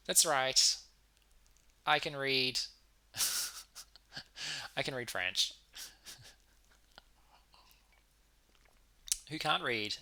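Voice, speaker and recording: A man's voice: mid-range voice, animated, very slow, pauses often, sharp tone, poor audio. A man playing through a narrative game, reading the text aloud and breaking off for chatty asides. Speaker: let's play streamer. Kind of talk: reading a visual novel aloud with commentary.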